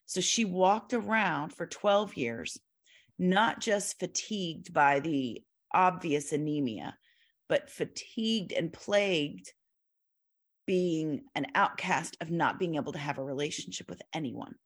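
A woman's voice: deep voice, a little slow. A woman guest on a podcast, talking earnestly about scripture and leaning on her key words. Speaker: Bible teacher guest. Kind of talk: reflective faith discussion.

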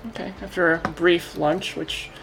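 A woman's voice: lowish voice, little pitch movement, normal speed, a bit bright, a little hiss or hum. Rambling woman game master. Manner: rambling, self-correcting narration. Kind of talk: narrating a tabletop game.

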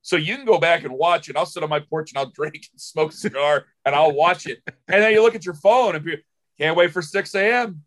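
Emotional, rambling sports radio host. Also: male voice, fairly high pitch, expressive, fairly quick, hardly any pauses, fairly bright tone. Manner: emotional, rambling storyteller with many restarts. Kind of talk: casual podcast conversation.

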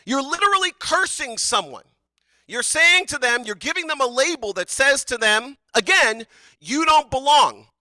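A woman's voice: sits high, animated, moderate pace, bright, forceful tone, no room sound. A woman preaching a sermon in a casual, conversational way, with joking asides and filler words.

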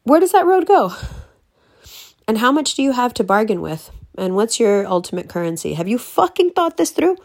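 A woman ranting bluntly in a casual monologue, profane and emphatic, swinging between slow stressed words and fast bursts. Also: a little high, sing-song, a little mellow. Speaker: vlogger.

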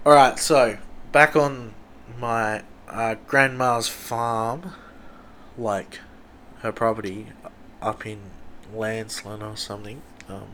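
A young man with an Australian accent hosting a podcast, telling rambling stories full of swearing and loudly acted-out quotes. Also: fairly low pitch, fairly even intonation, takes it slowly, slight background noise. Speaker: podcast host. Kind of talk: casual storytelling.

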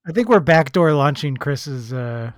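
A man's voice: fairly high pitch, expressive, unhurried, dry recording. A man co-hosting a podcast, chatting casually with dry, joking banter. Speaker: podcast co-host. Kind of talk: casual chat.

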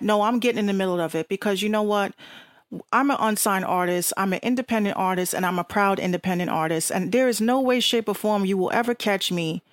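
A woman's voice: mid-range voice, quick pace, no echo, studio quality. Heated, blunt woman with a Bronx accent. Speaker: host of an online radio show. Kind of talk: ranting casual talk.

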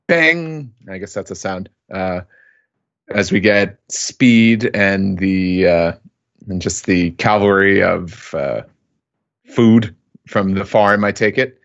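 A man co-hosting a podcast, recapping a comic chapter in casual chat, halting with many fillers and jumping up in pitch to quote characters. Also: fairly even intonation, gravelly, muffled recording.

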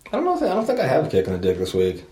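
A man's voice: medium pitch, wildly swooping pitch, very fast, warm tone, echoey room, a little hiss or hum. A man co-hosting a casual studio podcast, joking, laughing often and swearing. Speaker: podcast co-host. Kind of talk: casual profane podcast chat.

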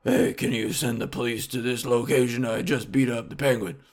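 A man voicing a grim, terse male masked vigilante in a lowered, gruff voice. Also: fairly even intonation, moderate pace, natural voice. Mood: stern.

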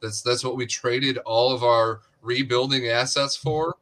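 A man co-hosting a sports talk show with a bright, forward tone. He delivers sarcastic, pointed jabs in loose casual chat. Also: mid-range voice, fairly even intonation, unhurried. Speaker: sports podcast co-host.

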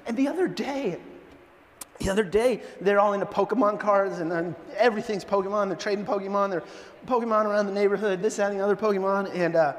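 A middle-aged pastor preaching a sermon, animated and joking, telling stories in a church. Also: male voice, sits high, fast talker. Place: church sanctuary. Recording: long church hall reverb.

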